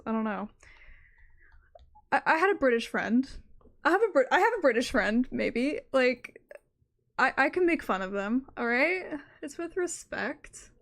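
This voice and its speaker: On her stream from her room at home, a young woman with a somewhat high, slightly bright voice chats casually. She keeps rambling and interrupting herself, and "like" shows up in almost every sentence.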